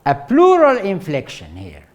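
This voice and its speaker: A man giving a university lecture, a native Arabic speaker talking in English, slow and halting, with many fillers, repeats, and questions to the class. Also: high voice, huge pitch swings. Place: lecture hall.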